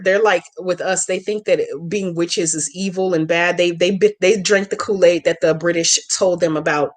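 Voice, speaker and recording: A woman hosting a live Q&A as a hoodoo practitioner, chatting brashly and profanely with viewers and walking them through a spell step by step. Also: fairly low pitch. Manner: slangy, emphatic instructions. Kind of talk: casual livestream Q&A and spell tutorial.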